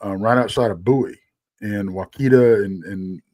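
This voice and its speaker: A tired man talks late at night on a live show, rambling through a story with frequent restarts. His voice sits on the low side and sounds dry and close. The talk stays loose and conversational. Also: normal speed, darkish tone, no echo. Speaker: regular panelist. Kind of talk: casual live-show chat.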